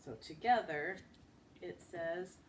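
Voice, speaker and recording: A woman teaching a children's phonics lesson. She models each sound slowly and with exaggeration, and breaks into sing-song chants. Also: fairly low pitch, a little hiss or hum. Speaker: speech and language teacher.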